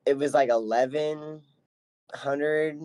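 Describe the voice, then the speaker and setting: A man's voice: fairly high pitch, fairly even intonation, slow, darkish tone, clean tone, no room sound. A young adult man as a podcast guest in casual chat, laid-back and a bit hesitant, with casual swearing.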